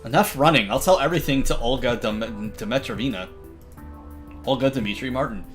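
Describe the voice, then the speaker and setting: A man plays through a visual novel on stream and reads the on-screen text aloud with a joking, playful edge. His voice sits at an ordinary middle pitch, and faint game music runs underneath. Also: brisk. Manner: playful, reads lines with mock voices and laughs. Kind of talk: let's play commentary, reading game text aloud.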